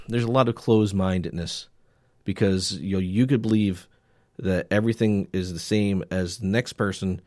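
A man's voice: low-pitched, a little mellow, dry recording, clean studio sound. A man co-hosting a casual podcast, rambling and joking with plenty of restarts and fillers, with a Northeastern Pennsylvania accent. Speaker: podcast co-host. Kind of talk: casual chat.

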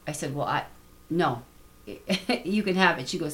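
A middle-aged woman telling a personal story in casual conversation, animated and acting out the dialogue. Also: low-pitched, normal speed, hardly any pauses. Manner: animated, repeats words, quotes people in dialogue. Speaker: guest artist.

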